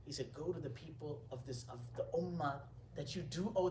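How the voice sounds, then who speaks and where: A man teaching a religious gathering, telling stories with lively retelling, quoting Arabic lines and then translating them. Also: on the high side, brisk, slight background noise. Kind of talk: storytelling lecture. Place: indoor gathering room. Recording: echoey room, distant mic.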